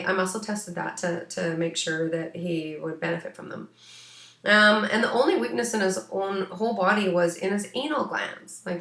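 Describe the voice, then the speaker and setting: A woman's voice: mid-range voice, pushed and bright, reverberant. A woman working as an animal psychic, giving a rambling, casual reading full of fillers. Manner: rambling, many fillers, chatty. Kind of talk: casual spoken reading for a client.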